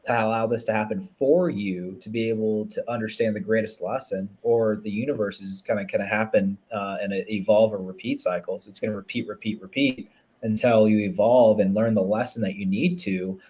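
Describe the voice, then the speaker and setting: A relationship coach talks in a relaxed interview, earnest and reflective, frequently starting over and slipping in "you know." He has a lowish, mellow voice with a steady tone and a brisk pace.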